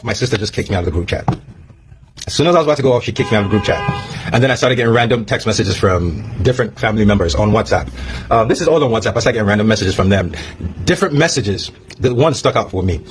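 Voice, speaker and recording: A man's voice: on the low side, lively intonation, fast, a little hiss or hum. A man telling a personal story to camera in a blunt, profane way, repeating lines for emphasis. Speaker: vlogger.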